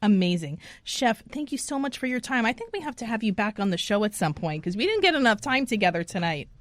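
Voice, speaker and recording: A woman's voice: a little high, very animated, quick pace, no room sound. Upbeat woman radio host, dry studio sound. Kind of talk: radio interview and scripted segment.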